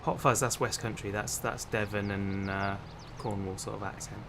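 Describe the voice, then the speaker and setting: A man's voice: on the low side, fairly even intonation, moderate pace. A man from Hampshire chatting casually while streaming a game, laughing often and greeting viewers. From Hampshire, England. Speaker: livestreamer. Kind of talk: casual gameplay chat. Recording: clear game noise behind.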